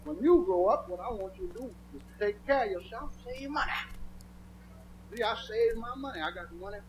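An older man telling rambling, profane stories, laughing and swinging from mutters to shouts. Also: sits high, expressive, a little fast, a little hiss or hum. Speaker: storyteller. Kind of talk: profane anecdotal storytelling. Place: outdoors.

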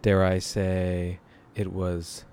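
Slow, low-voiced mellow man. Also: monotone, slight background noise. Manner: measured, deliberate. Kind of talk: reflective casual discussion.

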